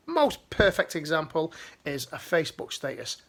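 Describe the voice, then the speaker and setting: A man's voice: fairly high pitch, lively intonation, normal speed, a bit bright. A man giving a motivational life-coaching talk to camera, emphatic and direct, repeating his key phrases.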